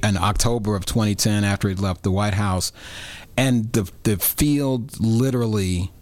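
A man with a fairly low voice, a guest on a talk show. He speaks in a thoughtful, measured way. The recording is dry and close. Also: dry recording. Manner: thoughtful, measured, many fillers and restarts. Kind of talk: casual political chat.

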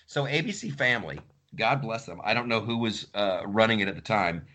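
A man's voice: lowish voice, expressive, brisk, bright, forceful tone. A man telling a story in casual podcast chat, acting out other people's lines. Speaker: podcast host.

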